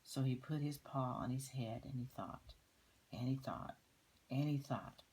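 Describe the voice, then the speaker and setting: An older woman reading a picture book aloud, gently pointing out details in the pictures. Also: very deep voice, fairly even intonation, measured pace, breathy edge, rough recording. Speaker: grandmother reading to children.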